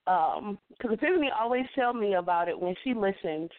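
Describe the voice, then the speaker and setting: A woman's voice: medium pitch, animated, brisk, no echo. A woman caller reciting her own spoken-word poem with a rhythmic, rhyming, conversational delivery. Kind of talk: spoken-word poetry recital over the phone. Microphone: phone. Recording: tinny, dry phone line.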